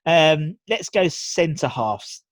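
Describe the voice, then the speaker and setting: A man hosting a casual chat, talking quickly and loosely with many restarts. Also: a little high, lively intonation, dry recording. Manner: chatty, quick, full of fillers and restarts. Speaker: host.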